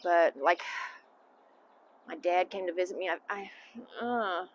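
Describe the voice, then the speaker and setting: A middle-aged woman with a drawl and a lowish voice talks openly in a casual family interview, trailing off and picking her words back up. Birds chirp faintly outdoors behind her. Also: steady tone, highs cut off, a little hiss or hum. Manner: candid, halting, emotional, trailing off into soft asides.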